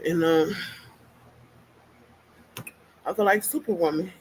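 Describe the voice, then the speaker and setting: A woman's voice: on the low side, slow, darkish tone, a little hiss or hum, rough recording. A woman vlogging casually, out of breath and venting bluntly with profanity. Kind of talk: casual personal vlog.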